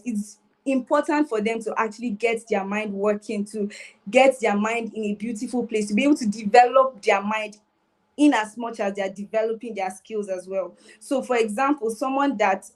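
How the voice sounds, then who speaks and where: A woman guest speaker on a live session, explaining her points and checking in with the listener. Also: a little high. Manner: explanatory, keeps asking "right?".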